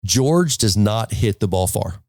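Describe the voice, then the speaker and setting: Here the golf instructor's voice sits low, a bit dark in tone, animated yet slightly slow, with no echo. Talking casually to the camera, he tells stories emphatically, keeps restarting, and repeatedly checks in with "okay?"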